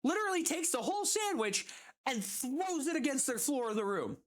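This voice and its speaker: Woman streamer, casual storytelling, exasperated, heavy swearing, lively pitch. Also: normal speed. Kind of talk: casual storytelling while gaming.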